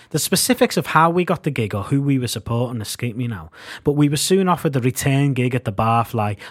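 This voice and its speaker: A man, reading his own band memoir in a wry, self-mocking way. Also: mid-range voice. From Liverpool, England. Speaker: podcast host and narrator. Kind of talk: scripted memoir narration.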